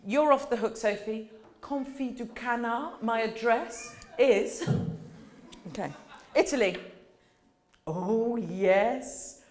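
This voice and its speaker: A woman's voice: a little high, takes it slowly, pauses often, darkish tone. Playful woman in an echoey hall. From England. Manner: playful, joking, chatty with the audience. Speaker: conference speaker, doula. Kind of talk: humorous conference talk. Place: conference hall.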